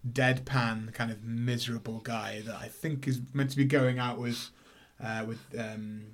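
A man's voice: mid-range voice, flat delivery, unhurried. A man in a casual film review chat with an ordinary mid-range voice. He rambles, laughs often and swears freely as he talks.

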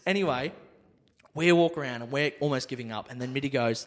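A man on a podcast, telling a drunken travel story in a lively way, swearing a lot and acting out the other people's voices. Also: medium pitch, fairly quick, long reverb tail. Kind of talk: casual storytelling.

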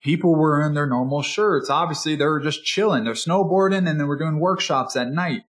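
An energetic, enthusiastic man teaching as a speaking coach in a motivational podcast talk, sometimes acting out a customer and a salesperson. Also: fairly high pitch, brisk. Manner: energetic and enthusiastic, animated delivery; acts out customer and salesperson dialogue.

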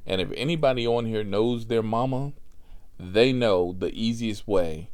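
A rideshare driver telling a personal story, profane and animated, with laughing asides. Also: male voice, lowish voice, a little slow, clear, resonant tone.

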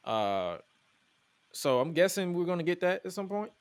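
A man hosting a podcast, recapping wrestling in casual chat, animated and incredulous as he quotes promos aloud. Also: sits high, normal speed, no room sound. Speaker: podcast host.

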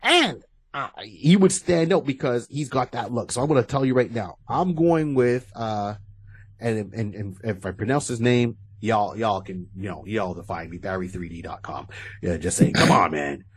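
Husky man in casual podcast chat. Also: lowish voice, moderate pace. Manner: animated, rambling with restarts. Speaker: podcast co-host.

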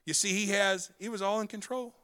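Male pastor preaching with an animated delivery, bright and forceful, acts out scenes. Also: sits high, a little fast, clear, resonant tone. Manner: animated, wide swings in loudness and pace; acts out quoted dialogue. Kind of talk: sermon.

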